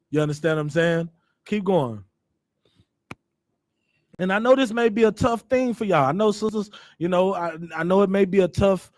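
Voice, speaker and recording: Man, high voice, stern and emphatic religious teacher, dry close sound. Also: darkish tone, no room sound. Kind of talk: scripture lesson.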